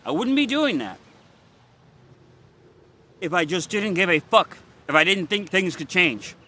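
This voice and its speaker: Weary, swearing man with a lively high voice. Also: unhurried. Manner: frustrated, swearing, venting bluntly. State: weary and worn out. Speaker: vlogger. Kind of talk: confessional vlog rant.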